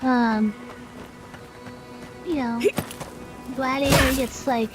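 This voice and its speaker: A woman streamer chatting as she plays, her high voice unhurried and loose. She rambles with plenty of fillers and a sarcastic edge, while game music plays clearly behind her. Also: steady tone. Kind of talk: casual chat while playing.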